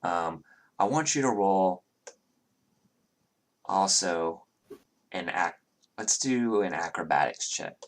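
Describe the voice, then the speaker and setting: A man narrating a tabletop game as dungeon master, halting with many ums and restarts. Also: deep voice, animated.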